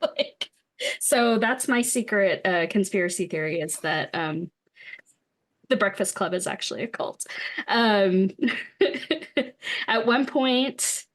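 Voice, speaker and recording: A woman's voice: medium pitch, animated, takes it slowly, pauses often. A middle-aged woman co-hosting a podcast, chatting casually about a film, laughing often and trailing off with fillers. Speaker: podcast co-host.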